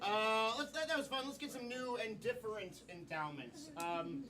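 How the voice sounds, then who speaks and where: High-voiced man hosting improv. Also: normal speed. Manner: upbeat, asks crowd for suggestions. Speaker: improv show host. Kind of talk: live emcee patter. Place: small comedy theater. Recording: distant mic with audience laughter.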